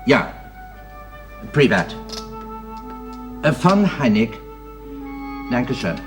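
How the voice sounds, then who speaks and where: A courteous old gentleman talks formally and politely, stumbling into ums and uhs when flustered. His voice is mid-pitched and animated, set in a period radio drama with music running behind. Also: very slow. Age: older. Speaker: grandfather of the household.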